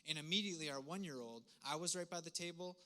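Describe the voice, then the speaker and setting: Earnest, conversational pastor with a bright voice. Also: male voice, fairly high pitch, fast talker. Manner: conversational, earnest, frequent restarts and asides. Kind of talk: sermon. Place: church sanctuary.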